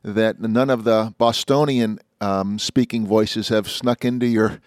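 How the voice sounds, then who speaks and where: A male podcast host with a low voice chats casually and warmly with his guest. His speech is friendly and loose, with hesitant fillers. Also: steady tone, measured pace, no echo, studio quality. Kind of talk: casual interview chat.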